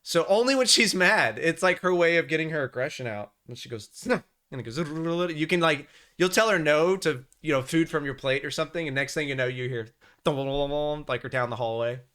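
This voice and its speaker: A man's voice: fairly high pitch, animated, fast talker, hardly any pauses, sharp tone. A man hosting a casual livestream, talking about the markets in a chatty, rambling way with many restarts. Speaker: livestream host.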